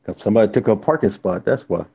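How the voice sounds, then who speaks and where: A man's voice: lowish voice, lively intonation, quick pace, vocal fry, dark tone, slightly rough, highs cut off. A man joining a casual political chat, making sarcastic, dry asides.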